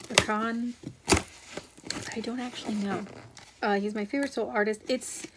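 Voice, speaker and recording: A young woman talks through an unboxing in a chatty, gushing way, often breaking off and starting her sentences again. Her voice has a gravelly edge. Steady background noise runs under the home recording. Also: mid-range voice. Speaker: book vlogger. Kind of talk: casual vlog chat.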